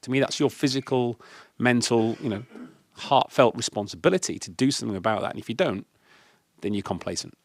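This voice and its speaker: A man from the UK on a discussion panel, telling emphatic, animated stories about leadership. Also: medium pitch, brisk, no room sound. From United Kingdom. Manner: emphatic, animated anecdotes with acted quotes. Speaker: guest speaker on leadership.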